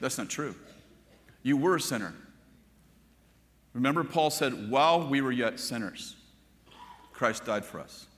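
A man's voice: medium pitch, expressive, a little slow, long pauses, fairly bright tone, big-room sound. An older man preaching a sermon, telling stories and talking directly to the congregation. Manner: storytelling preacher, conversational asides to the congregation. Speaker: pastor.

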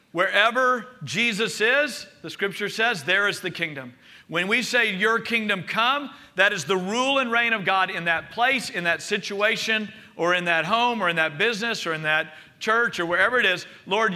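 Guy pastor preaching, high sharp voice, gets folks to declare stuff with him. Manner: leads congregation in call-and-response declarations. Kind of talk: sermon.

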